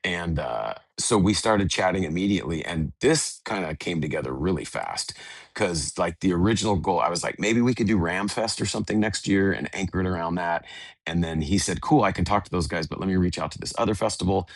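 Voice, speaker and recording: An American man, a touring band's bassist, chatting casually in an interview from a hotel room, relaxed and rambling with lots of fillers. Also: creaky, husky, dry recording. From United States. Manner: relaxed, rambling, many fillers and retold dialogue.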